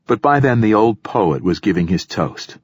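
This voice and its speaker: A man reading a first-person novel aloud as an audiobook narrator, in a dry, measured way. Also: on the low side, lively intonation, husky, dry recording.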